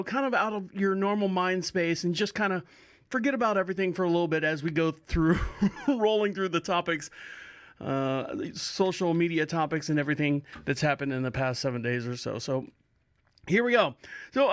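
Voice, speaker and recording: A man's voice: sits high, moderate pace, a bit bright, dry recording, studio quality. A man with a Florida accent hosting a podcast in a chatty, upbeat way, rambling through asides and chuckling as he goes. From Orlando, Florida. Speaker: podcast host. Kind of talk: casual solo podcast chat.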